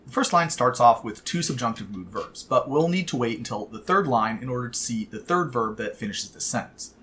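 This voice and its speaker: A man teaching Latin in a calm, measured and explanatory way, reading verse slowly. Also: medium pitch. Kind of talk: scripted lesson narration.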